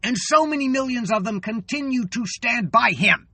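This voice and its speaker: A man in an angry, swearing political rant, tired and fuming, halting and then bursting out loud. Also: extremely high pitch, animated, dry recording. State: weary and fuming. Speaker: channel host.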